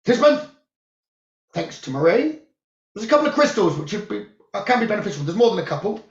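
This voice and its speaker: A man who works as a psychic medium, giving calm, soothing spiritual guidance about the new moon, crystals and journaling. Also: high voice, a little fast. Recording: roomy, dull lo-fi sound.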